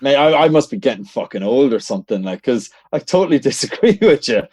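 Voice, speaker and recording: A man's voice: medium pitch, quick pace, breathy edge, dry recording. Swearing Irish man telling stories. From Ireland. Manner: swears freely, animated storytelling. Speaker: guest. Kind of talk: casual chat.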